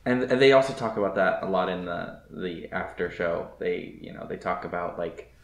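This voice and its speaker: Soft-spoken podcast co-host in a roomy space. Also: low-pitched, moderate pace. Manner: soft-spoken, agreeable, many short affirmations. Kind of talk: casual chat.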